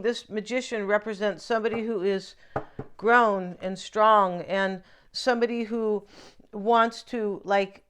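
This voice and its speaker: A woman's voice: on the high side, fairly bright tone, clean tone. A woman giving a casual, chatty tarot reading, often musing aloud and asking "right?". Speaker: tarot reader.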